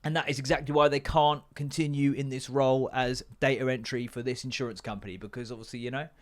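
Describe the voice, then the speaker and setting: Sweary rambling comedian. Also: male voice, medium pitch, steady tone, fast talker. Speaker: podcast host and stand-up comedian. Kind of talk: casual comic rant.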